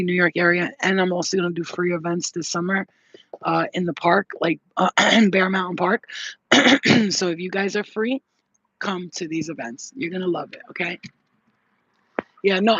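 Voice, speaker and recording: Chatty woman vlogger, slightly husky. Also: lowish voice, fairly bright tone, dry recording. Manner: chatty, swears freely, affectionate sign-offs. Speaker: spiritual healer vlogger. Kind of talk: casual live vlog chat. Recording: muffled dry sound.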